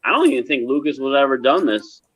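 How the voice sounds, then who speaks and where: A man co-hosting a casual chat show, telling quick anecdotes with exclamations. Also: medium pitch, very animated, a bit bright, slightly rough, low-quality recording. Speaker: podcast co-host.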